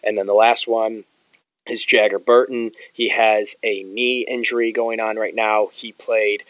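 A man's voice: fairly low pitch, little pitch movement, unhurried, a bit bright, no room sound, low-quality recording. A man co-hosting a sports podcast, casually running through team news and leaning on "obviously" as a filler. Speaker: podcast co-host.

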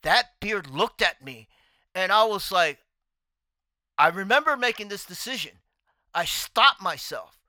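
A man spins a personal story on his podcast, his voice swinging widely up and down as he exclaims and chuckles along the way. The tone is bright and clear, recorded close and dry with no room sound. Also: high voice, unhurried, long pauses, no room sound. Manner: animated, exclaiming, often laughing. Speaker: podcast host and artist.

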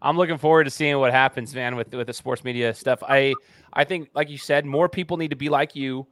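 A male podcast host who talks in a chatty, animated way and interviews his guest. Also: mid-range voice, fairly quick, no echo. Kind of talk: casual interview talk.

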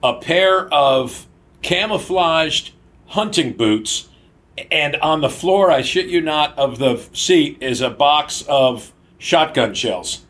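A man's voice: fairly high pitch, animated, slow pace, a bit bright. An older man co-hosting a casual podcast, telling stories and laughing often. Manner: laughs often, acts out quoted voices. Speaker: podcast co-host. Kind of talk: casual storytelling chat.

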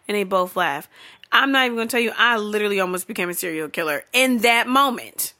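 Young woman ranting and cussing, bright sharp voice, drops to whispers then yells. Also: medium pitch, expressive, quick pace. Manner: profane, exasperated, swings from hushed asides to loud outbursts; breaks into laughter while talking. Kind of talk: comedic storytime rant.

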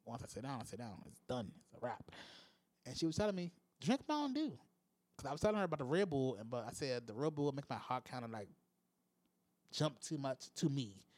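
A man's voice: a little fast, no room sound. A man hosting a podcast, venting in a casual, profane solo rant with big swings in tone. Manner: profane, exasperated venting with lively pitch swings. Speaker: podcast host.

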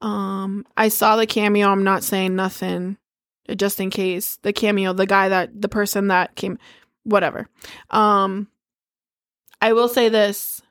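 An American woman co-hosting a casual chat about TV shows, blunt, profane and animated in her storytelling. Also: medium pitch, measured pace. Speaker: podcast co-host.

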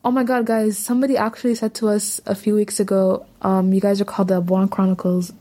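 A young woman co-hosting a casual podcast chat, animated and teasing. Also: medium pitch, fast talker. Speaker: podcast co-host.

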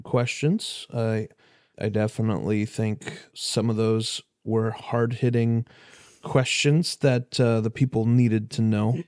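A man co-hosting a casual podcast, joking in a laid-back way with drawn-out pauses. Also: fairly low pitch, little pitch movement, a little mellow, no echo, clean studio sound. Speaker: podcast co-host.

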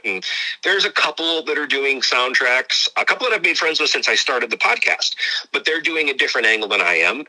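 A man's voice: lowish voice, bright, forceful tone, low-quality recording. A man from Ohio with a Midwestern accent, a podcast guest who talks in a rambling, casual way and laughs often. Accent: Midwestern American. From Ohio, USA. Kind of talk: casual interview.

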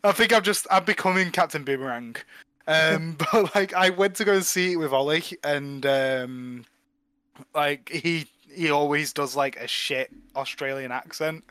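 A man bantering on a film podcast, swearing freely between jokes. His voice is fairly high and bright, captured on a dry, close mic. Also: fairly even intonation, a little slow, clear, resonant tone, no room sound. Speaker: podcast co-host. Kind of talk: casual film review chat.

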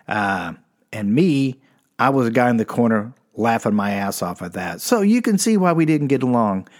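A man from Texas doing stand-up storytelling, animated and chuckling, who jumps into high mocking voices. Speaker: stand-up comedian.

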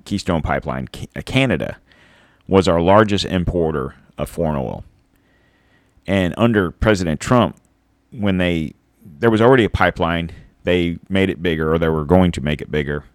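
A man's voice: low voice, no room sound, studio quality. A man giving a rambling, sarcastic opinion monologue, swearing and laughing at his own points.

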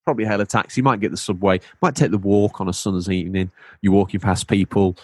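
Playful rambling podcast host, low voice. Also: male voice, fairly even intonation, fast, darkish tone, no echo, clean studio sound. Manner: playful rambling storyteller who slips into silly voices. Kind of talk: casual chat.

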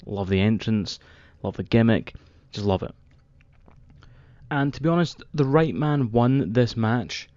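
A young Scottish man chatting casually as a podcast co-host, animated and sweary, with quick apologetic asides. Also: mid-range voice, dry recording, highs cut off. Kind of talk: casual chat.

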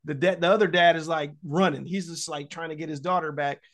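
A man's voice: on the high side, fairly even intonation, fairly quick. A man hosting a podcast, casually and profanely retelling a horror film scene with lots of fillers and acted-out lines. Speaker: podcast host.

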